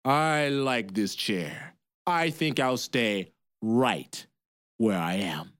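A man voicing a proud, boastful strongman in a storybook tale, speaking slowly and low. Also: very animated, a bit bright, no echo, clean studio sound. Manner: slow and boastful.

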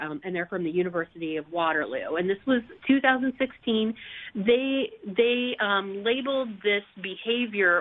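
Woman educator on a tinny line. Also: lowish voice. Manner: thoughtful, with fillers and self-corrections. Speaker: educator and author, guest. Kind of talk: interview answer. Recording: phone-line audio.

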